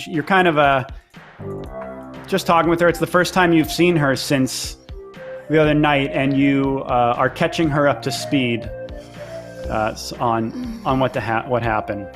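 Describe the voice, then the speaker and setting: A man narrating as game master of a tabletop role-play game, chatty with lots of fillers. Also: mid-range voice.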